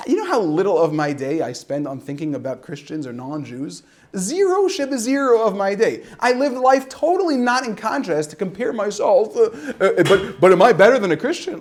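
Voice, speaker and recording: A middle-aged man, a rabbi giving an informal Torah talk to high school students, telling stories with acted-out dialogue and Yiddish and Hebrew words mixed in. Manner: animated storytelling with acted-out dialogue and asides.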